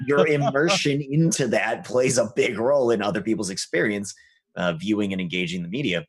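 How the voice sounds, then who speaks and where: Lowish guy on a panel, keeps agreeing and jumping in. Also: a little fast, husky. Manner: agreeable, chiming in often. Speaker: streamer panelist. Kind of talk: casual panel chat.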